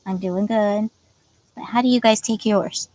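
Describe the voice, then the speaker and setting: Speaking a little slowly in a steady, mid-range voice with a darkish tone, this woman hosts a casual livestream. She giggles a lot, chats freely, and reads out viewer comments while playfully teasing the audience. The audio is poor.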